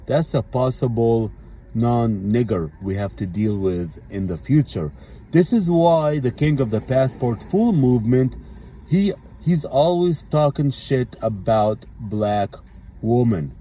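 A man's voice: lowish voice, dark tone, slight background noise. A man delivering a blunt, profane ranting monologue as a commentary vlogger, leaning on repeated fillers.

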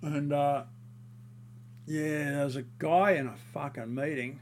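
A man's voice: fairly high pitch, fairly even intonation, measured pace, slight background noise. A man in a casual monologue, ranting heatedly and crudely, rambling with fillers and restarts.

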